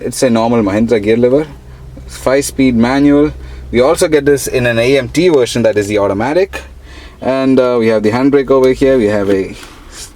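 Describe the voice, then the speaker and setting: A young man talks viewers through a car in a chatty, upbeat vlog style. His voice sits at an ordinary mid pitch. The recording carries clear traffic and street noise from an outdoor lot. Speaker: car reviewer. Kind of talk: casual walkaround car review. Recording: noisy street and car ambience.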